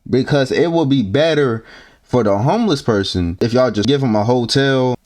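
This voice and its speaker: A man commenting on clips in loose, unscripted talk, blunt and profane. His pitch sits in the ordinary middle for a man, and he jumps between low grumbles and sudden high outbursts as he restarts his sentences. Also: moderate pace. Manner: blunt, swearing, animated, rambling restarts. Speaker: reaction video host. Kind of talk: casual reaction commentary.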